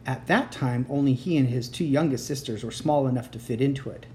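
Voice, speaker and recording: A storyteller reading a children's chapter book aloud, gentle and even in delivery. The tone is soft and warm, with a faint ambient hiss behind it. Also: mid-range voice, brisk.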